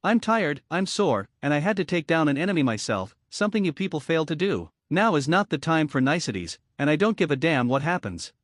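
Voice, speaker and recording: A man's voice: a little high, very animated, fairly quick, hardly any pauses, no room sound, studio quality. A man reading the lines of a tired, furious female ninja leader in a storybook reading, harsh and commanding. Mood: angry, commanding.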